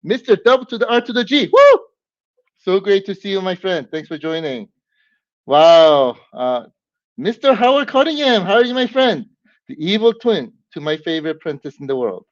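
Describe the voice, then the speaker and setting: A man hosting a live stream, whooping and greeting viewers by name with lots of excitement. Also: sits high, normal speed, no echo. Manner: hyped, whooping, warm greetings to chat. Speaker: livestream host. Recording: dull lo-fi stream audio.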